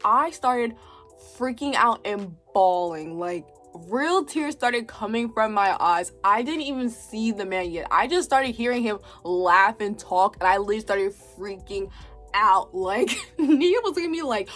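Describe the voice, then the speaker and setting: A young woman vlogger telling a storytime story in a lively, chatty way, acting out what everyone said and filling her talk with "like". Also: mid-range voice, moderate pace, soft background music. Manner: animated storytelling, acts out quotes, heavy use of 'like'. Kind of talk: storytime vlog.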